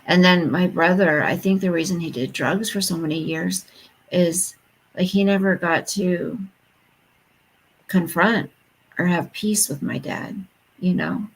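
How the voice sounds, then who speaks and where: Woman, live stream host, low-pitched, raspy fry, chatty. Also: a little slow, low-quality recording. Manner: reads viewer comments aloud and chats back. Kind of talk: casual live chat reading comments.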